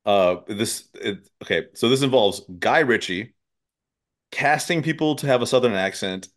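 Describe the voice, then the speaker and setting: A man's voice: mid-range voice, lively intonation, normal speed, fairly bright tone. A man hosting a podcast, talking loosely in casual conversation, swearing and laughing often. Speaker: podcast host.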